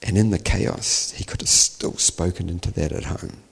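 Gravelly male preacher in a reverberant hall. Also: low voice, fairly even intonation, moderate pace. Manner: storytelling, acts out dialogue, rising to emphatic peaks. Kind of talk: sermon.

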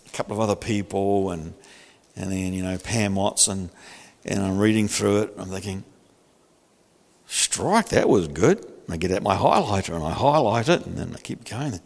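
An older man preaching a sermon in a lively, humorous, conversational way. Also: sits low, brisk, creaky, in a large hall. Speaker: pastor.

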